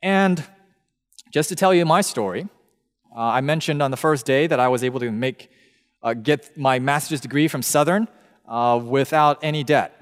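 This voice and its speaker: A man's voice: medium pitch, moderate pace. A man in his thirties giving a camp meeting talk, telling a personal story and acting out the voices of the people in it. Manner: animated storyteller who acts out quoted voices. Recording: long hall reverb.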